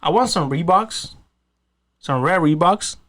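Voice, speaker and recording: A man's voice: fairly high pitch, animated, measured pace, a bit bright. A man hosting a podcast, telling stories in a loose, profane, rambling way with many restarts. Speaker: podcast host. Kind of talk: casual storytelling chat.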